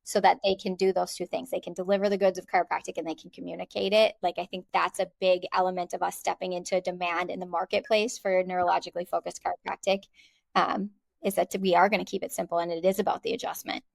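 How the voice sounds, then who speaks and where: A woman's voice: fairly low pitch, little pitch movement, fast talker, gravelly, no echo. A woman co-hosting a podcast, speaking in an earnest, encouraging way. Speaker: podcast co-host. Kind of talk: conversational podcast talk.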